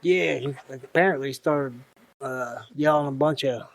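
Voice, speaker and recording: A man's voice: mid-range voice, moderate pace, creaky. A man joining a casual podcast chat, easygoing and asking questions.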